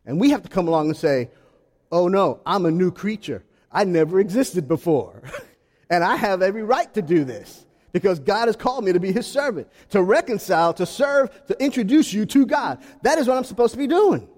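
A man preaching a sermon, his voice sitting high and swinging widely in pitch. He talks in an animated way and throws rhetorical questions at the congregation. The sound carries a long reverb from a large hall. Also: fairly quick.

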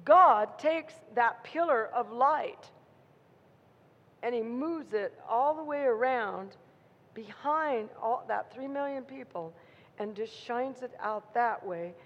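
A woman preaching a sermon, telling a story in an animated way and acting out the voices of a frightened crowd. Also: on the high side. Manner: animated, acts out crowd voices with rising intensity. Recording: muffled sound in a reverberant hall.

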